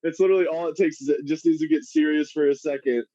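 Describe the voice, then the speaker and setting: A man's voice: fairly high pitch, fairly even intonation, fast talker, warm tone, dry recording. A man co-hosting a podcast, chatting casually, swearing freely and laughing as he retells stories. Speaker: podcast co-host. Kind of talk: casual chat. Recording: muffled, dry.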